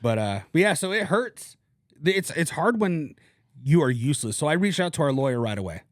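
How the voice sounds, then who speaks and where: A young man co-hosting a casual podcast, telling a story in a crass, animated way with plenty of swearing. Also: a little high, brisk, no echo, clean studio sound. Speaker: podcast co-host.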